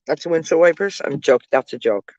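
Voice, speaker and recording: Riding as a passenger in a moving car, a Canadian tarot reader and vlogger talks fast and expressively in a deep, darkish voice. She keeps a filler-heavy running commentary going, and the sound is lo-fi.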